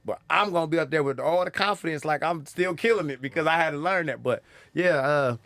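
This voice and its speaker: A man's voice: on the high side, brisk, no room sound. A young man, a comedian, telling stories from his life in a casual chat, acting out the lines of people in them. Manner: animated, acts out quoted lines. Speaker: comedian guest.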